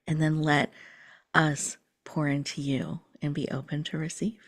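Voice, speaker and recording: A woman host leading a slow, soothing guided breathing meditation, sometimes dropping to a whisper. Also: low-pitched, little pitch movement.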